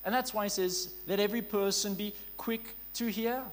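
High-voiced earnest male preacher. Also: steady tone. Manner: earnest, emphatic, slows down on key phrases. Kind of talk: sermon.

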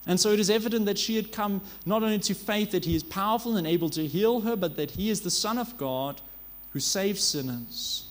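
A man with a high, light voice preaches an earnest sermon, asking rhetorical questions and stopping now and then to correct a word. A low mains hum sits under the recording. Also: brisk.

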